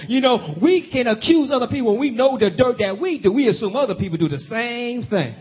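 Male pastor, high raspy voice, storytelling sermon with slowed emphasis, muffled lo-fi recording. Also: expressive. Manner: storytelling, drawn-out emphasis on key phrases; asks the congregation questions. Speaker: preacher. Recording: dull lo-fi audio.

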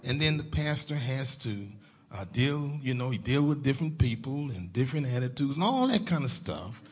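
A man preaching a folksy sermon in a church as a guest preacher, starting soft and building to loud exhortation. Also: medium pitch, sing-song, normal speed, husky.

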